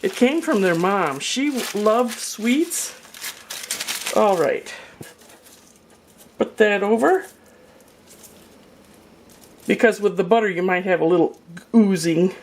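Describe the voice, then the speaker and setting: A woman's voice: medium pitch, expressive, slow, long pauses, a little hiss or hum. An older woman giving a chatty, folksy cooking demonstration in her home kitchen, with storytelling asides. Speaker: home cook.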